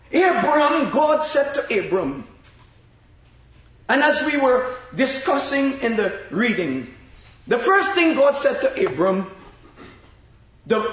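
A man preaching a sermon, with emphatic, drawn-out phrases that rise to shouts. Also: very high voice. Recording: echoey hall, dull lo-fi sound.

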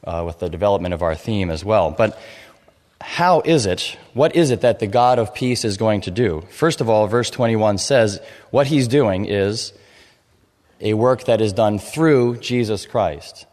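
A man preaching an expository sermon, explaining scripture in a measured way and reading verses aloud. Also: fairly low pitch, darkish tone. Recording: long hall reverb.

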